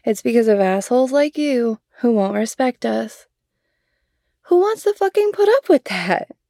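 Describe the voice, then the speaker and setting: A woman's voice: fairly high pitch, fairly even intonation, very slow, creaky, no room sound, clean studio sound, full character voice. A woman playing a fiery, foul-mouthed young coder. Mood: angry, indignant. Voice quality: swears constantly, sharp-tongued. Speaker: computer science student. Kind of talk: adult audio role-play.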